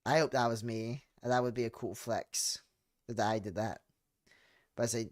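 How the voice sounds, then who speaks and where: A man streaming a horror game, commenting playfully and breaking into loud excited yelps and meows. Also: mid-range voice, moderate pace, long pauses.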